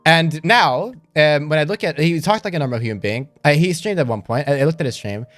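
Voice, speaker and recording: A young man co-hosting a podcast, telling dark jokes in a deadpan, provocative way. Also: a little high, fairly quick, dry recording. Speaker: podcast co-host. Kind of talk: casual podcast banter.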